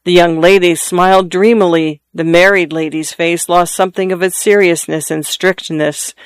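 A narrator reading a classic story aloud in a measured, even manner. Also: mid-range voice, smooth, no echo.

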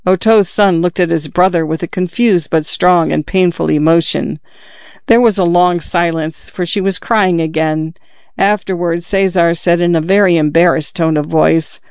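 Man narrating an audiobook in a high voice. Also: fairly even intonation, moderate pace, darkish tone, clean tone, dry recording, highs cut off.

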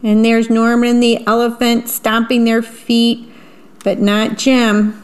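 A woman reading a picture book aloud to children, gently describing each picture as she goes. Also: mid-range voice, level tone, a little slow.

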